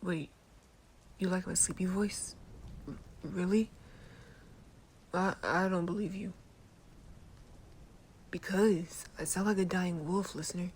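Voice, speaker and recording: A woman's voice: fairly low pitch, fairly even intonation, slow pace, pauses often, a little hiss or hum. Killua, a sleepy protective boy, whispered by a woman. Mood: relaxed. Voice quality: soft whisper. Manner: gentle, laid-back, hesitant. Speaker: ASMR creator. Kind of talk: whispered role-play.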